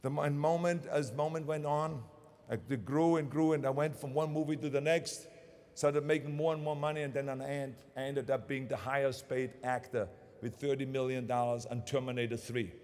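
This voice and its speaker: A man's voice: mid-range voice, fairly even intonation, normal speed, darkish tone, big-room sound. A man in his sixties with a German accent, giving a motivational commencement speech, emphatic and driving his points home by repeating phrases. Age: 60s. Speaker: commencement speaker. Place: large ceremony venue.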